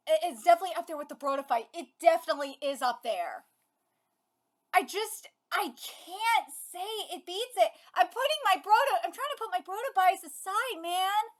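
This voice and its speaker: A woman in her thirties hosting a manga reaction, chatty and excitable, swearing and gushing as she talks. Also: very high-pitched, normal speed. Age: 30s. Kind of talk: live reaction commentary. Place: home setup with her cat.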